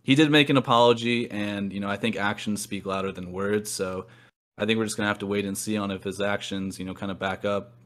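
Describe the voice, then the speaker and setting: A man's voice: lowish voice, steady tone, a little fast, fairly bright tone. A man on a podcast agreeing easily, peppering his talk with "you know". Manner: easygoing, fills with "you know". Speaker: podcast co-host. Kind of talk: casual podcast discussion.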